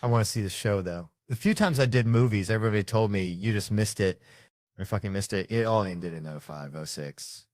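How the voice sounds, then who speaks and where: A man's voice: on the low side, fast talker, hardly any pauses, dry recording, clean studio sound. A man telling profane, rambling comic stories in a casual podcast chat. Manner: profane, rambling, animated anecdotes. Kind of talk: casual comedic storytelling.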